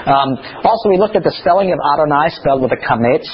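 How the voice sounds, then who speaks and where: Animated male bible teacher. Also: on the high side, quick pace, muffled recording, a little hiss or hum. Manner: animated storytelling, chatty.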